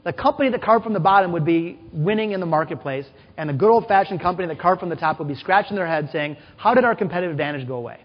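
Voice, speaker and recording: Delivering a keynote in a large conference hall, a man with a high voice talks fast with few pauses. He tells stories, acting out quoted voices and posing questions to the audience; the recording sounds dull and echoes with the hall.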